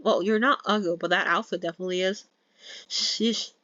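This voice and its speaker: A woman's voice: medium pitch, steady tone, fairly quick, pushed and bright, dry recording, highs cut off. A young woman casually reading a novel aloud, breaking in with swearing jokes and corrections. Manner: joking asides, swears, self-corrects. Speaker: novel reader. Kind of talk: casual novel read-along with commentary.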